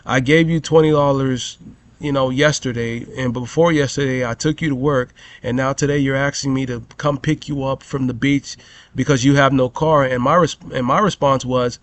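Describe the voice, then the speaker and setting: A man's voice: mid-range voice, fairly even intonation, moderate pace, no room sound. A young man telling a profane, rambling story as a vlogger rant, full of "bro" and "you know".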